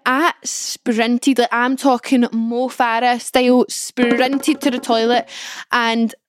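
A woman's voice: fairly high pitch, flat delivery, takes it slowly, smooth, no room sound. A woman in her twenties hosting a podcast, telling a story in a chatty, self-mocking way and filling her talk with "like". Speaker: podcast host. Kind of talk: casual storytelling monologue.

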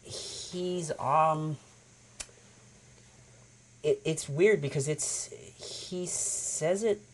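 A man with an American accent, a voice actor guest telling animated stories in a casual podcast chat. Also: on the high side, drawn-out words. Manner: animated storyteller, acts out quotes.

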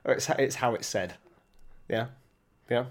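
A man's voice: mid-range voice, measured pace. A man co-hosting a casual podcast, talking in a hesitant way with frequent stammers and restarts. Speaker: podcast co-host. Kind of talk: casual chat.

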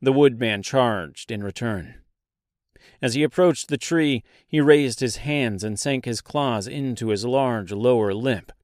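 A man narrating a dark fantasy audiobook in a slow, deliberate storytelling manner. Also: mid-range voice, no room sound, clean studio sound.

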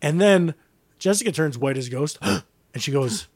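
A man co-hosting a casual podcast chat, telling a rambling, animated story full of fillers and restarts. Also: on the high side, normal speed, no room sound. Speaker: podcast co-host.

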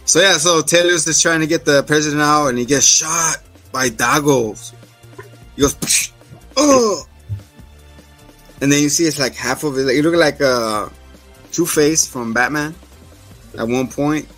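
Male podcast host, slightly high voice, loose and jokey, acts out scenes, faint music bed. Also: normal speed, pushed and bright. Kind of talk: casual TV recap chat.

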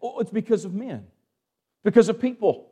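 A high-voiced man preaches to his congregation. He keeps asking "amen?" and swings between quiet, intimate lines and raised, urgent ones. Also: expressive, normal speed, breathy edge. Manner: Southern-tinged preaching with call-and-response "amen?", swings from hushed to raised. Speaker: pastor. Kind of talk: sermon.

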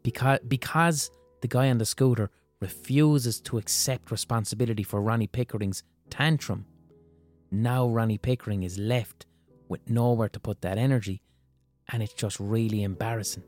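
A man's voice: fairly low pitch, fairly even intonation, moderate pace, darkish tone, faint music behind. A young adult man, hosting a solo podcast in a blunt, conversational way and swearing freely. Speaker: podcast host. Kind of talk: casual solo podcast monologue.

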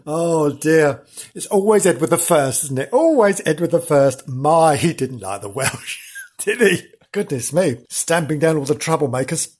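Husky giggly podcast host. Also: male voice, fairly high pitch, very animated, unhurried. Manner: theatrical, giggly, swoops up on exclamations. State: recovering from lost voice. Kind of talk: camp chatty podcast hosting.

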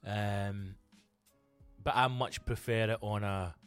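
A man's voice: on the low side, fairly even intonation, slow pace, clear, resonant tone, soft background music. A Scottish man, a comedian, chatting on his own podcast in a rambling, sweary way with lots of restarts. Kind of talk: casual solo podcast chat.

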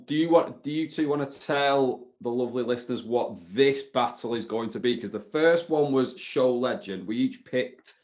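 A man co-hosts a casual podcast with a blunt, teasing manner. He pokes at his partner and drops the odd swear word, voice at an ordinary middle pitch. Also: moderate pace, few pauses, muffled recording. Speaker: podcast co-host.

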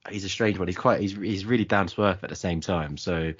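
A man co-hosting a football podcast, giving relaxed, analytical takes on players. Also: sits low, brisk, slightly rough, dull audio. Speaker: podcast co-host. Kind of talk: casual football chat.

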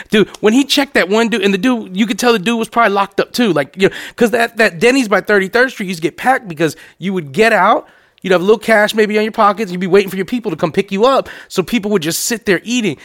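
A man telling stories in a casual, profane chat, acting out quotes with lots of energy. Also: high-pitched. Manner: animated, profane, quick storytelling with acted-out quotes.

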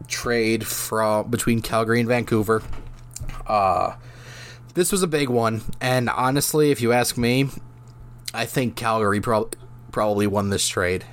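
Guy w hiccups rambling thru hockey talk on his podcast, lots of ums and restarts. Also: mid-range voice. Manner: casual, rambling, many fillers and restarts. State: has the hiccups. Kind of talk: solo sports podcast talk.

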